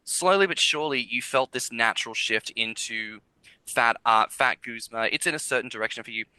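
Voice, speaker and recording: A man's voice: mid-range voice, a little fast, sharp tone, clear, resonant tone, no echo, poor audio. A man co-hosting a podcast and interviewing a guest in a casual style, enthusiastic and profane, asking long rambling questions. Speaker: podcast co-host.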